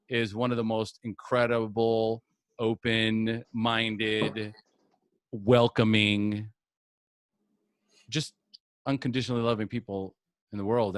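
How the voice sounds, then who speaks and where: A middle-aged man with a lowish voice leads a live group recovery coaching session, speaking earnestly and repeating key phrases for emphasis. The recording is dry and studio quality.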